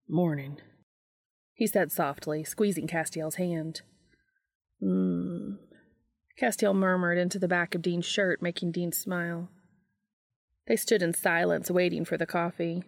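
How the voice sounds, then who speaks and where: A woman reading a story aloud in a soft, even storytelling manner. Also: on the low side. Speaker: narrator.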